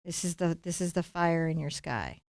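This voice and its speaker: A woman's voice: low voice, animated, moderate pace, vocal fry, darkish tone, no room sound. A woman leading a live-streamed painting lesson, talking playfully and encouragingly straight to her viewers. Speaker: painting instructor.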